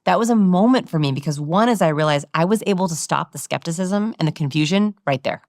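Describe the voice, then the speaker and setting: A woman with a slightly low voice talks through expert examples on a podcast. She slips into quoted dialogue to act out scenes. The sound is dry and close. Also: fast, no echo. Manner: animated, acts out quoted dialogue. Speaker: body language expert guest. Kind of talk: podcast interview, explaining with acted examples.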